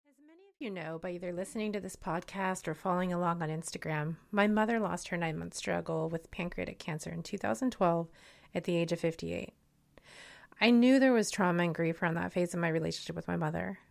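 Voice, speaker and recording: A woman's voice: lowish voice, fast, gravelly. A woman in her forties hosting a solo podcast, speaking in an earnest, personal way. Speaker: podcast host.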